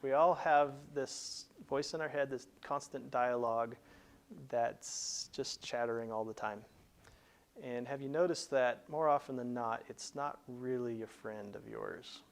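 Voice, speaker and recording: A man's voice: mid-range voice, unhurried, vocal fry. A man hosting a career advice show, explaining plainly in a conversational teaching style with frequent restarts. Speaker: career coach host.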